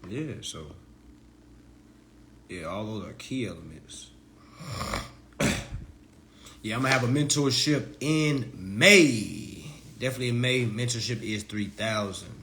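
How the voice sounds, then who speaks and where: A man lectures his followers in a loose, slangy live-stream, his pitch leaping up and down as he mocks people in high voices. A faint hiss of noise sits under the whole recording. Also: lively intonation, measured pace, long pauses, bright, forceful tone. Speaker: online legal self-help teacher.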